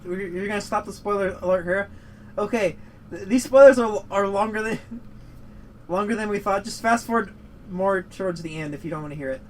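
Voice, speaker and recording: High-voiced man ranting over gameplay. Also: fairly quick, slight background noise, rough recording. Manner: rambling, profane, prone to heated rants. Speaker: gaming show co-host. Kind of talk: casual gaming commentary and movie rant.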